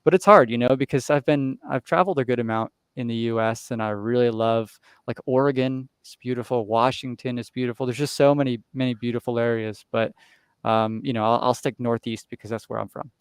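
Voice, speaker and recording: A man's voice: medium pitch, fairly even intonation, brisk, smooth, dry recording, clean studio sound. A young man from New Jersey chatting casually as an interview guest, rambling with lots of fillers and restarts.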